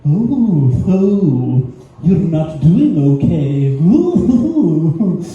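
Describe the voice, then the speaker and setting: A man's voice: on the high side, sing-song, drawn-out words, mellow, dull audio, soft background music, heavily acted. A man voicing a creepy predatory housecat, speaking in a sly, sinister, coolly delighted way. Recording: echoey room from a distance.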